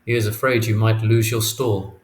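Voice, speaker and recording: A man's voice: on the low side, flat delivery, normal speed, lightly acted. A man reading a weary, guarded father, terse and wryly polite. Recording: echoey room, faint noise.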